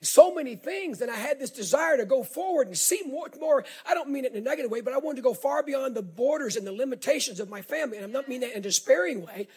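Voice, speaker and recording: A middle-aged male pastor with a Southern accent, preaching a sermon as an animated storyteller who repeats words and builds to shouts. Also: very high voice, quick pace, hardly any pauses, husky.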